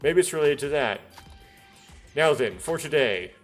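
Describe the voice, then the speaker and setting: A man's voice: on the high side, lively intonation, unhurried, soft background music. A man reading a visual novel aloud, doing every character's lines in his own voice, with stumbles and self-corrections.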